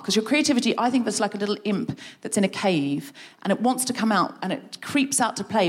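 A woman, speaking as a guest on stage and leading an audience through a creativity exercise in a playful, energetic way, laughing often. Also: fairly low pitch. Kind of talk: live stage talk to an audience.

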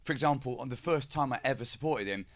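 A man's voice: mid-range voice, fast. A man, a comedian on a live panel, telling a rambling story full of fillers. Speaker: comedian, house player. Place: live venue with audience. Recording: live room with crowd noise.

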